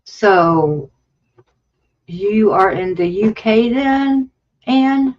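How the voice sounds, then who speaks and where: A woman's voice: medium pitch, animated, extremely slow, darkish tone, lo-fi sound. A woman in her fifties hosting a casual livestream from her home craft studio, rambling and chatty as she thinks aloud over her work. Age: 50s. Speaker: livestream host.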